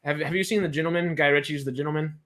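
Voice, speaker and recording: A man hosting a casual online chat, animated and swearing freely, with many restarts. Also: a little high, racing. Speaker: host.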